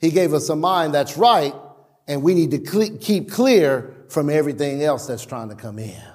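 High-pitched preacher in a reverberant church. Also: male voice, moderate pace. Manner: animated preaching with stammered restarts and acted-out quotes. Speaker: pastor. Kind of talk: sermon. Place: church sanctuary.

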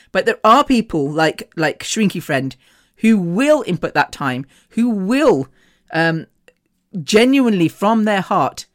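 A woman hosting a podcast, telling a personal story in a frank, chatty way and laughing often between sentences. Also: fairly low pitch. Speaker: podcast host. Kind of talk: casual storytelling monologue.

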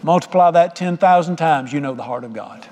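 A man's voice: a little high, lively intonation, a little fast, darkish tone, big-room sound. A middle-aged man preaching a sermon, telling a folksy story and putting questions straight to the congregation.

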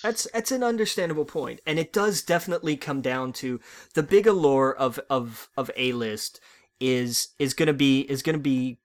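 A man in a relaxed conversation explains things with real enthusiasm. He often stammers and restarts his sentences before getting his point out. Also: medium pitch, moderate pace. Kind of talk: casual chat.

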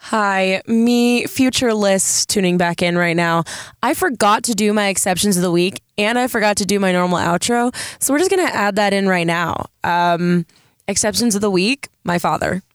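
A woman's voice: mid-range voice, normal speed, clean tone, no room sound, studio quality. Chatty young woman with a Valley girl voice. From San Diego, California. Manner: chatty, self-deprecating, rambling with fillers. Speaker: podcast host. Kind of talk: casual solo podcast chat.

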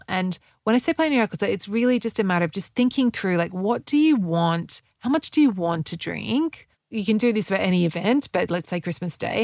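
Middle-aged woman host with a gravelly voice. Dry, close sound. Casual, rambling chat. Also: medium pitch, darkish tone, dry recording. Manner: chatty, rambling, many "like" fillers and self-corrections. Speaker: podcast host and health coach.

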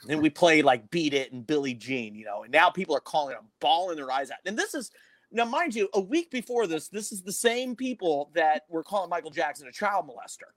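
A man, a former morning radio host, telling a story as a podcast guest in a casual, animated way, swearing freely. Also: brisk, no echo. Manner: animated, swears freely, big swings in pitch and loudness.

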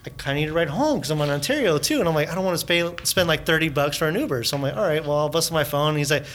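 A man co-hosting a casual chat show, telling a story with lively energy and acting out his own lines. His voice sits high and sounds bright, with a faint rumble underneath. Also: racing. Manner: animated, quotes himself in a higher voice. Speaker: podcast co-host.

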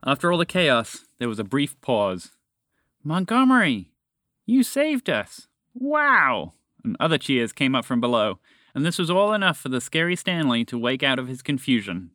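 Male storyteller, bright tone, dry recording, gentle children's-story read. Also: lively intonation, fairly quick, dry recording. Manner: gentle storybook reading, raising his pitch for characters' lines.

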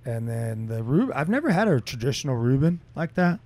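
A man co-hosting a casual chat, telling stories with lots of swearing, his voice rising sharply when he gets heated. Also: a little fast. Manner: animated, profane storytelling that climbs in pitch when heated.

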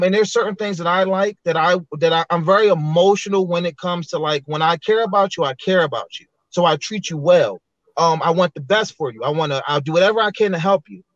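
High-voiced earnest man, dull dry audio. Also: a bit bright, no room sound. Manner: earnest, reflective, many restarts. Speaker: podcast guest. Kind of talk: candid personal storytelling.

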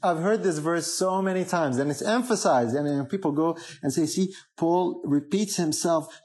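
A man's voice: sits high, animated, moderate pace, few pauses, darkish tone. A man preaching a sermon, emphatic, often asking the congregation questions.

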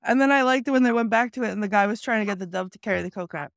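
Animated woman retelling movie scenes. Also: mid-range voice, very fast, vocal fry, few pauses, no room sound, studio quality. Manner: animated, acts out quoted movie lines while retelling. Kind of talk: casual chat about a movie.

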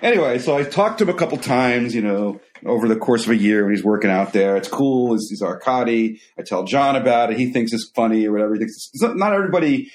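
Male podcast guest, swearing, emphatic storyteller, middle pitch. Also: animated, quick pace, few pauses. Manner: profane, emphatic anecdote-telling. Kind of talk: casual chat, storytelling.

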